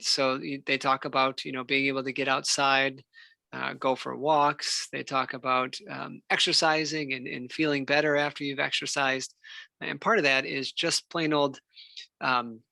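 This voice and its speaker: A man, a physical therapist giving a relaxed, unscripted health talk full of fillers and restarts. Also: mid-range voice, creaky, dry recording. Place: church hall.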